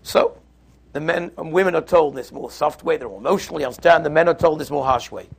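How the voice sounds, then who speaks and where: Gravelly man teaching a Torah lesson. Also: fairly high pitch, fast talker. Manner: conversational storytelling, explains step by step.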